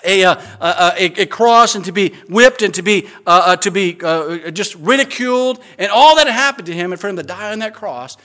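A man's voice: high-pitched, lively intonation, moderate pace, hardly any pauses, sharp tone. A middle-aged man preaching an earnest sermon as pastor, with frequent stammering restarts and emphatic rises.

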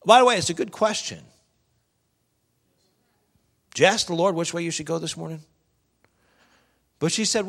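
A man preaching a sermon, emphatic and animated, addressing the congregation directly. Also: a little high, fast talker, creaky, long pauses.

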